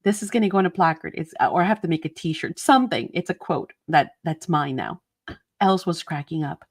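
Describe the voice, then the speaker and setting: A woman hosting a craft channel, telling stories to her viewers in a casual, animated way from her studio, often dissolving into laughter. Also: low-pitched, brisk, slightly rough. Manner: animated and giggly, breaks into laughter. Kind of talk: casual chatty storytelling to viewers. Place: indoor art studio.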